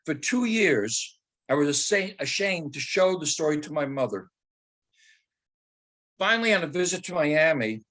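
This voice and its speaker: A man in his seventies tells his life story at a talk, mixing jokes with slow, weighty dramatic readings. His voice sits on the higher side for a man. He speaks as a seasoned former teacher. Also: a bit bright. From Germany. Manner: humorous, anecdotal, slows to dramatic recitation.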